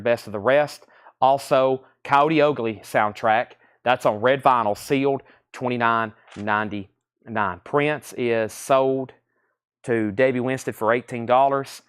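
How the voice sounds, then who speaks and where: Man with a smooth voice selling records. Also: medium pitch, a bit bright. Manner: brisk, repeats titles and prices as he lists them. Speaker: record seller hosting a live sale. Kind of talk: live online sales stream.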